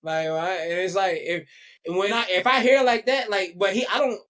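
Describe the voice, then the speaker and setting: A man co-hosting a podcast, chatting casually and animatedly with quick asides. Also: high voice, a bit bright. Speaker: podcast co-host. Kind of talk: casual chat.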